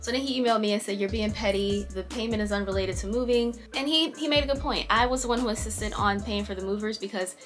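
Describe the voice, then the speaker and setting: A woman's voice: medium pitch, quick pace, hardly any pauses, soft background music. A woman vlogger telling a personal story in casual chat, talking freely, laughing often and acting out what people said. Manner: chatty, laughs often, voices quoted people.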